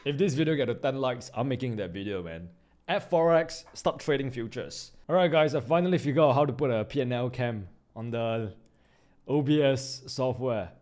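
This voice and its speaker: A man giving live trading commentary, slangy and excitable, jumping from loud hype down to low mutters. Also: normal speed. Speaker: trading YouTuber.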